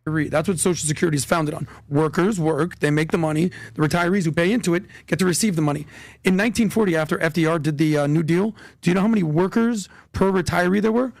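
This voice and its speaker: A man telling a story on a podcast as a guest, animated and acting out the quotes. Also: on the high side, vocal fry, no room sound, studio quality. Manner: animated, rushed storyteller who acts out quotes.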